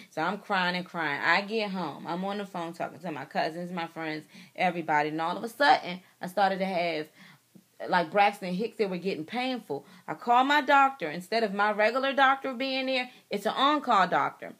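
A woman vlogger telling a personal story to the camera, emotional and animated, talking straight to her viewers and repeating herself for emphasis. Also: lowish voice, moderate pace. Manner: emotional, animated retelling, addresses viewers directly.

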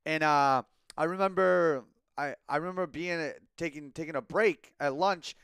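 A man's voice: on the high side, moderate pace, a bit bright, smooth, dry recording. A young man streaming a game and rambling through a casual story, with lots of likes and restarts.

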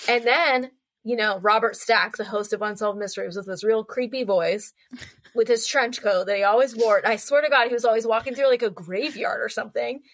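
Young woman, podcast guest, chatty, animated storyteller, dry close sound. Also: on the high side, brisk, dry recording. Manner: animated, chatty, acts out voices in anecdotes. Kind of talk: casual storytelling conversation.

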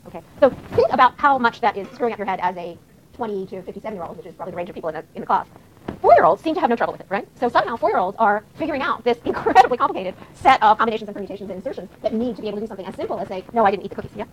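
Woman professor rattling off a lecture super fast, lively pitch, bit of room noise. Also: rough recording. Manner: fast, animated explaining with frequent fillers. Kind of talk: university lecture. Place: lecture hall.

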